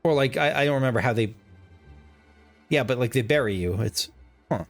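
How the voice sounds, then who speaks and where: A man's voice: medium pitch, brisk, creaky, long pauses, no room sound, faint music behind. A man streaming a game, chatting casually and thinking aloud as he plays.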